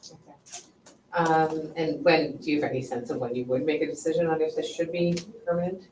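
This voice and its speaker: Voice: medium pitch, steady tone, a little fast, a little mellow. A reporter asking direct, brief questions at a press conference. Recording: distant, roomy, noisy press room.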